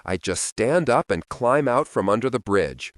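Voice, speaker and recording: A man reading a first-person young adult story as an audiobook narrator, with expressive delivery. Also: medium pitch, normal speed, no echo, studio quality. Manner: expressive, shifting voices for characters.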